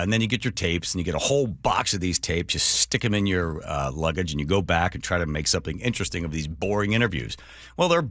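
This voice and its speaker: Middle-aged radio host guy telling a story, lowish voice, dry studio mic, wry and lively. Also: fast, dry recording. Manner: animated, wry anecdote-telling. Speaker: radio talk show host. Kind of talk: casual storytelling monologue. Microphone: studio microphone.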